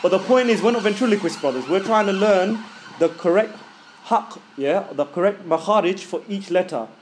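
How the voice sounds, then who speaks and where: There's slight background noise as a high-voiced man, talking at normal speed, gives a casual lesson in Quran recitation. Chatty throughout, he demonstrates sounds by voicing them and keeps checking in with "yeah?"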